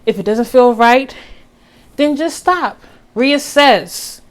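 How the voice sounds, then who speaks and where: With a high, animated voice and a slow pace, a young adult woman speaks from the heart in a personal vlog. She cheers her viewers on, calls them "baby," and talks casually with Southern slang like "y'all."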